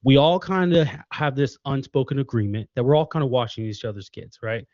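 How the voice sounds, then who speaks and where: A man's voice: medium pitch, a little fast, no echo. A man in his thirties, a father and podcast guest, telling stories in casual conversation and acting out the people he quotes. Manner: animated storytelling, acts out quoted voices. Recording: muffled lo-fi call audio.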